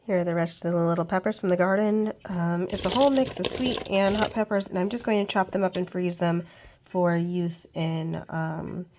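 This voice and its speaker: A woman's voice: fairly low pitch, steady tone, normal speed, a little mellow, slight background noise. A woman with a stuffy, congested voice from a cold, casually talking through her home cooking in a kitchen vlog, practical and chatty with frequent ums.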